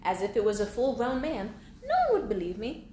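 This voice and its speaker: A woman's voice: on the high side, wildly swooping pitch, fairly quick, warm tone. A 22-year-old woman venting bluntly and profanely in a candid monologue. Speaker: vlogger. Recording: echoey room with faint background hum.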